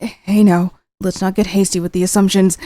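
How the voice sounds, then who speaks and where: A woman's voice: mid-range voice, flat delivery, dark tone, voice pushed down, lightly acted. A woman doing a stammering shy young man. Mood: soothing. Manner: stammering, halting. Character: shy flustered young man, nervous suitor. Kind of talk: reading a visual novel aloud.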